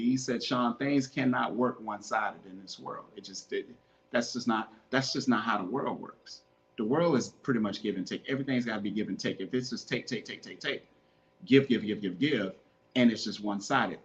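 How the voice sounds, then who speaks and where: Recorded with muffled sound, a man with a lowish voice hosts a podcast. He doles out relationship advice earnestly and repetitively, sounding casual yet preachy, and addresses listeners as "man."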